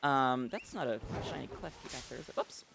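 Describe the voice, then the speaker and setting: A man live-streams a video game, chatting casually and reading viewers' messages aloud with lots of fillers and restarts. His medium-pitched voice is brisk, creaky and fairly bright, with lively intonation and a slight hiss or hum.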